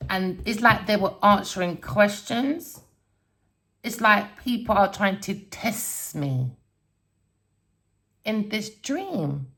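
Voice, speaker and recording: A woman's voice: medium pitch, a bit bright. A woman who reads tarot, telling of a dream and preaching warnings in a spiritual vlog, swearing and raising her voice. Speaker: tarot reader.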